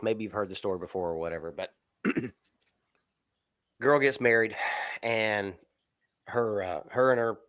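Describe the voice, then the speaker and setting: A man's voice: sits low, fairly bright tone, dry recording, studio quality. Folksy man telling a story. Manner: folksy, rambling storyteller with repeated restarts. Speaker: podcast co-host. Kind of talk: casual storytelling chat.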